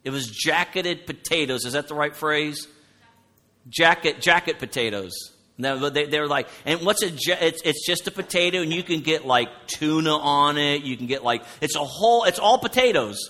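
A man preaching a sermon, loud and animated, telling stories from the pulpit. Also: a little high, moderate pace. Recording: long hall reverb.

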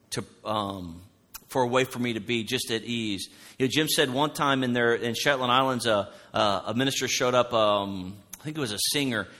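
A man preaching a sermon, loud and animated, telling stories from the pulpit. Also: mid-range voice. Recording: long hall reverb.

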